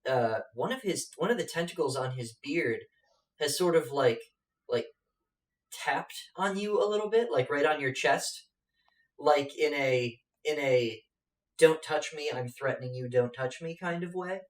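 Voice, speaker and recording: A man narrating a tabletop game as game master, halting with lots of fillers. His voice rings off a roomy space. He sits some distance from the mic. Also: on the high side, animated. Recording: echoey room, off-mic.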